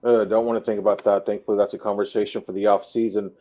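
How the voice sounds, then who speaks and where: Podcast host, man, low relaxed voice, dull lo-fi sound. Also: quick pace. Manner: relaxed, hands off segments to co-hosts. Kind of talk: casual sports chat.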